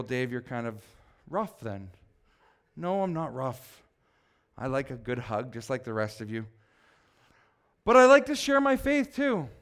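A middle-aged man preaching a blunt, exhorting sermon, swinging between loud pushes and quiet asides. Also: fairly high pitch, smooth.

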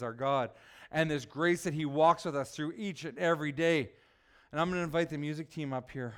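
Man preaching a sermon, high voice, emphatic, questions to the congregation. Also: brisk, smooth. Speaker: pastor.

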